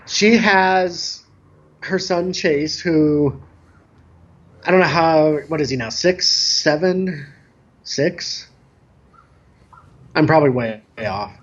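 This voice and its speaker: A man guest telling a casual story about himself in a relaxed, self-mocking way, over a remote call. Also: a little high, slow, pauses often, muffled recording. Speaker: guest, dance DJ.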